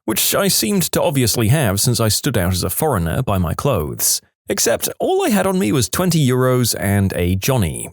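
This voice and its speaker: A man reading reddit stories aloud, with lively storytelling and punchy asides. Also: mid-range voice, no echo, studio quality. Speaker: narrator.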